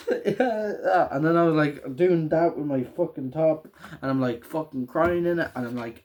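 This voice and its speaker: Young male vlogger, fairly high voice, loose and rambly, swears a lot. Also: a little slow, darkish tone. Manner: rambling, swears constantly, tag question "right?". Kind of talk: casual emotional TV show recap.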